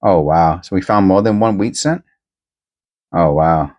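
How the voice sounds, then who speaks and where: A man hosting a casual coin-hunting vlog, rambling and excitable, often tacking "man" onto his sentences. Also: low voice, measured pace.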